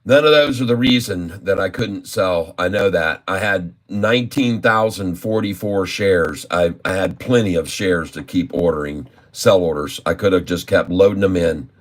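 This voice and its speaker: A man vlogging his day trading live, grumbling and cursing at his trading software. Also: deep voice, moderate pace, hardly any pauses. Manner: grumbling, cursing, exasperated muttering. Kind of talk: casual live trading commentary.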